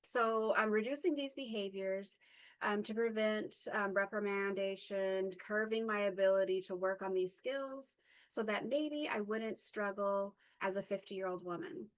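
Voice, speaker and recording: A woman in her forties giving a personal reflective talk, halting often with ums and correcting herself mid-sentence. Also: mid-range voice. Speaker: guest speaker.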